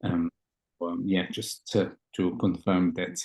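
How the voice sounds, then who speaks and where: Thoughtful, halting man with a lower voice. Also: level tone, darkish tone. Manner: thoughtful and halting, often restarting words. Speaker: guest therapist. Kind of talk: conversational explanation.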